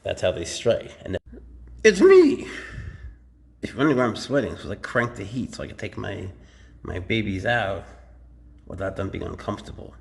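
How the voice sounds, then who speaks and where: A man casually explaining and handling his snakes in a relaxed, rambling vlog indoors. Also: fairly low pitch, brisk, gravelly. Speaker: reptile keeper. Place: warm indoor room with high ceilings.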